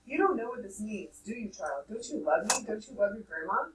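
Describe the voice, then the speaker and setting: A woman's voice: medium pitch, big pitch swings, a little fast, reverberant, far from the mic, background noise, natural voice. A teacher reading aloud in class, voicing a proud, emotional old grandmother whose voice rises with feeling. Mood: hurt, pleading.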